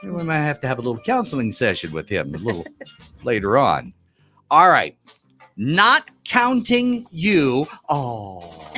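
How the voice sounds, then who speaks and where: A man's voice: medium pitch, huge pitch swings, a little slow, pushed and bright, soft background music. A man hosting a radio newlywed quiz, reading questions and teasing the contestant playfully. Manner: playful, quizzing and joking. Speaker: radio show host. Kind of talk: radio game show hosting.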